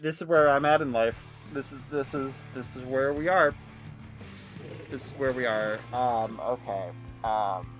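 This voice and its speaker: A woman live streaming a video game, talking in an excitable, rambling way with many restarts. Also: deep voice, measured pace. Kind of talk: live gameplay stream chat. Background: music.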